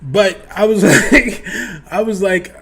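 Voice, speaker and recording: A young man telling a casual story to his viewers, animated, acting out the other people in high voices and swearing freely. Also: slow pace, heavy background noise. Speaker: storyteller vlogger.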